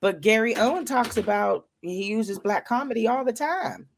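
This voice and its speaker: A woman co-hosting a casual chat show, joking in a laid-back, drawn-out way. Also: a little high, expressive, a little hiss or hum. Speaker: co-host.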